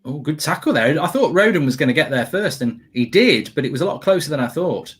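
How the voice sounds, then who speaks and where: An English man co-hosting a live football watchalong, talking in an animated, ranting way and swearing casually. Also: a little high, quick pace.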